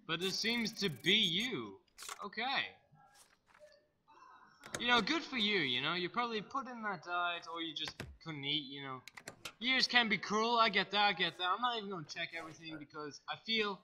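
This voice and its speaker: A young Australian man giving loud, excitable let's play commentary and swearing freely. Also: high voice, moderate pace, a little hiss or hum. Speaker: gaming YouTuber.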